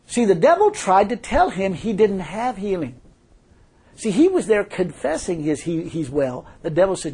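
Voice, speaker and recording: Male preacher, fervent sermon, high voice, husky, repeats hallelujah. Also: big pitch swings, normal speed, mellow.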